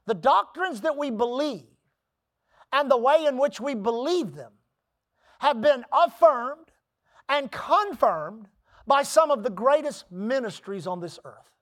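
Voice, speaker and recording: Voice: high voice, expressive, a little slow. A pastor preaching a sermon in an emphatic, repetitive way, calling out to the congregation.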